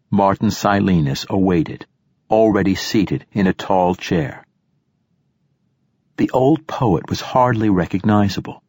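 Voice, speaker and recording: A man reads a first-person audiobook in a measured, descriptive way. His voice is very deep and husky. The recording is close and completely dry. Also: darkish tone, no echo. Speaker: audiobook narrator.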